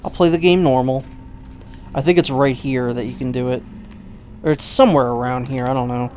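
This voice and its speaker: A man's voice: mid-range voice, steady tone, a little fast, darkish tone, a little hiss or hum. A man giving rambling, chatty, self-mocking commentary while playing a game. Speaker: gameplay commentator. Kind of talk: casual let's-play commentary.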